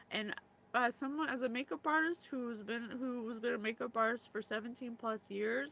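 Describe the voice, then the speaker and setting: A woman in her thirties from the former Yugoslavia hosts a psychic reading, speaking casually and emotionally with lots of fillers. Her voice is a little high, bright, and forceful. The audio quality is poor.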